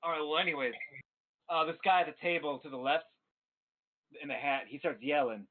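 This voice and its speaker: A man's voice: fairly high pitch, a little fast, long pauses. A man narrating as dungeon master in a live-streamed tabletop game, loose and profane. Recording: tinny phone-like audio.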